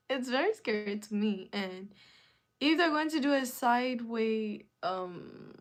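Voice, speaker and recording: A woman hosting a live stream in casual chat, answering viewer comments with emphatic, repeated phrases. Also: medium pitch.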